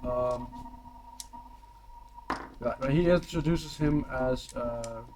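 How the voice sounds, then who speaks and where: A man's voice: medium pitch, very slow, noisy background. A young man narrating as game master in a casual, rambling way, sometimes poking fun at himself. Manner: casual, rambling, self-deprecating.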